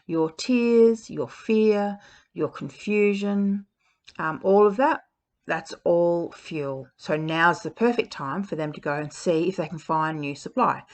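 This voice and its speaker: A woman's voice: on the low side, takes it slowly. A woman giving frank relationship advice in a casual talk, speaking bluntly with frequent fillers.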